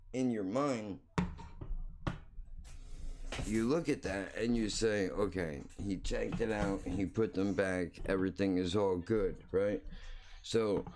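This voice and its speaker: A man's voice: low-pitched, a little mellow, a little hiss or hum. A man hosting his own show, telling a rambling story bluntly and swearing freely. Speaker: podcast host. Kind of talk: casual storytelling monologue.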